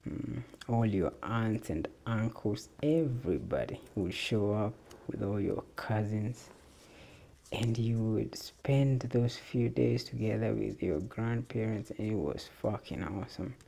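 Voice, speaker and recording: A man's voice: fairly low pitch, unhurried, creaky, dark tone. A man hosting a casual solo podcast, laid-back, laughing often and swearing freely. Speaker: podcast host.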